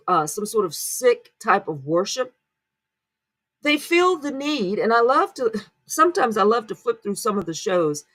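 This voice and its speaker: A woman with a mid-range, slightly bright voice hosts a commentary channel, speaking casually to camera. She often poses rhetorical questions and keeps checking in with "right?".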